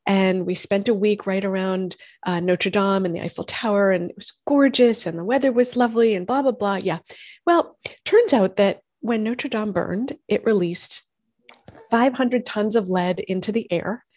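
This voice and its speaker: A woman, a doctor and host telling her own health story in lively conversation, acting out what others said. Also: medium pitch, normal speed, no room sound, studio quality. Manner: animated storytelling, acts out quoted voices. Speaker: functional medicine gynecologist and podcast host.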